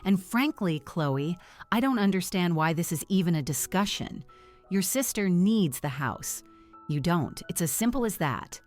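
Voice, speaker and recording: A woman's voice: lowish voice, lively intonation, a little slow, darkish tone, soft background music. A woman reading the part of an impatient, scolding middle-aged mother in a spoken story.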